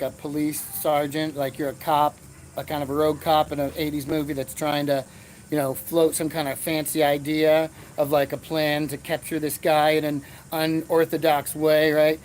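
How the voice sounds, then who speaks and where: A man's voice: a little high, a little mellow, a little hiss or hum. A man hosting a solo comedy podcast, rambling and self-mocking as he talks through his silly bits. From Erie, Pennsylvania, USA. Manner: jokey, meandering, self-mocking. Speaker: podcast host. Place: front porch outdoors.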